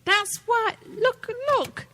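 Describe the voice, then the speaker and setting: A woman's voice: extremely high pitch, steady tone, extremely slow, pushed and bright. A British woman co-hosting a casual radio chat, laughing often and swearing freely. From Britain. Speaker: co-host.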